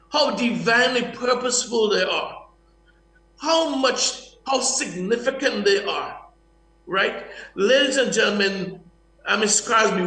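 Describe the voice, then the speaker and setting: A man's voice: high voice, sharp tone, roomy sound, distant mic, rough recording. A man giving an impassioned, preachy talk on a morning show, repeating words and restarting phrases. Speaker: guest speaker.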